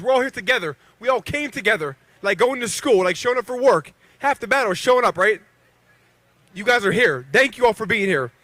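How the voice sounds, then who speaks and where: A man's voice: high-pitched, sharp tone, no echo. A man in his thirties from western Pennsylvania, a professional boxer giving a rousing rally speech with call-and-response to the crowd. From Beaver County, Pennsylvania.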